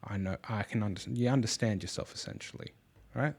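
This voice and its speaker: Casual podcast host, a young dad, low gravelly voice, rambling and loose. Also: male voice, brisk, a little mellow. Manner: rambling, frequent fillers and restarts. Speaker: father.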